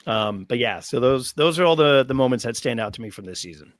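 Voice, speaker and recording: A man in his thirties, a stadium announcer, telling long, animated stories with many fillers as a guest in a podcast interview. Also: medium pitch, fast, dry recording.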